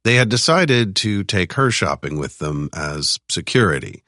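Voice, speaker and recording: Very deep-voiced male audiobook narrator. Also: sing-song, measured pace, sharp tone, no echo, studio quality. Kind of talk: scripted thriller narration.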